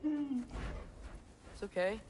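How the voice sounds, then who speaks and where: A man's voice: very high voice, expressive, very slow, very noisy, exaggerated voice. An actor playing an earnest, slightly awkward teenage boy on a quest, in video game dialogue. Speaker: player character. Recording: game audio over music.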